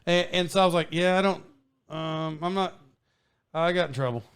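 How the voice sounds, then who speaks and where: A man hosting a podcast, telling a story in a casual, animated way with frequent laughs and restarts. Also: a little high, normal speed, clear, resonant tone. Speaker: podcast host.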